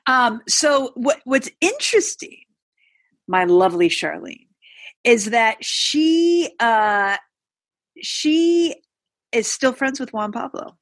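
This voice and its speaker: A woman's voice: high voice, animated, slow, fairly bright tone, no room sound. A woman guest on a podcast, chatting casually and rambling with many fillers and restarts. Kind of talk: casual chat.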